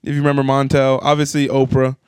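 A young man, co-hosting a casual entertainment chat show, animated and joking with quick asides. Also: mid-range voice, smooth, dry recording, clean studio sound. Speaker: podcast co-host.

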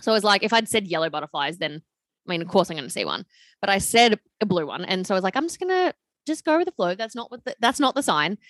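Fast-talking woman, gushing. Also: lowish voice, no echo. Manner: gushing, animated storytelling. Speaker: podcast co-host. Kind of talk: casual chat.

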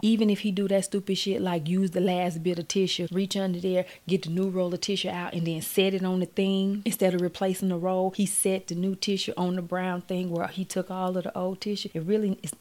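A woman's voice: on the low side, a little mellow. A woman talking to her phone camera at home, giving profane, blunt, rambling relationship advice in a casual comedic monologue.

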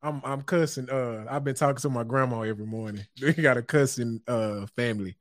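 A man's voice: mid-range voice, brisk. A man hosting a podcast, preaching casually in a loose monologue. He chuckles often and curses without fuss. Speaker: podcast host. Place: home studio.

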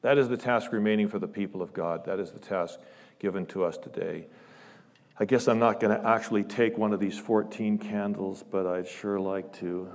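A man's voice: on the low side, steady tone, moderate pace. Impassioned male preacher in a reverberant church. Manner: impassioned, swells loud on scripture quotes and drops to hushed asides. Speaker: guest preacher. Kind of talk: sermon. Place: large church sanctuary.

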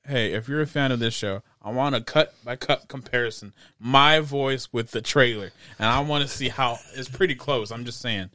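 A man's voice: medium pitch, moderate pace, hardly any pauses, sharp tone, no echo, clean studio sound. A man co-hosting a casual film-review podcast, rambling with lots of fillers and restarts. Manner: rambling, filler-heavy, does goofy quote voices. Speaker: podcast co-host.

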